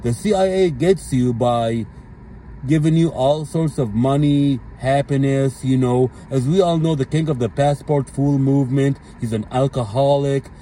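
A man's voice: medium pitch, unhurried, mellow, a little hiss or hum. A man delivering a blunt, profane ranting monologue as a commentary vlogger, leaning on repeated fillers.

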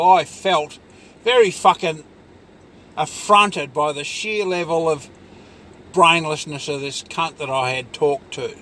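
A man's voice: on the high side, pushed and bright, a little hiss or hum. A man in a rambling personal monologue, ranting angrily and swearing constantly, with lots of fillers. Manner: angry, profane ranting with many fillers.

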